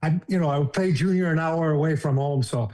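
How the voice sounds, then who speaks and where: A man's voice: a little high, fairly quick, mellow. A man in his fifties with a French accent, a guest on a podcast. He tells stories in a loose, emotional way, laughing often and acting out what others said. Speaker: guest, former hockey player. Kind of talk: casual storytelling.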